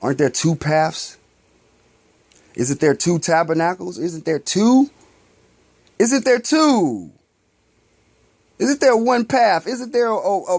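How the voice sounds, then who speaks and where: Here a spiritual vlogger, male, rambles loosely in slang-heavy speech, captured dry. He questions himself rhetorically and replies, his delivery wandering between loud bursts and low muttering.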